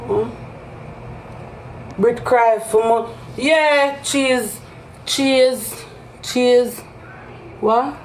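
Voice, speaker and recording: A woman with a Jamaican accent on a heated live-stream rant, repeating accusations and breaking into loud outbursts. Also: fairly high pitch, echoey room, a little hiss or hum.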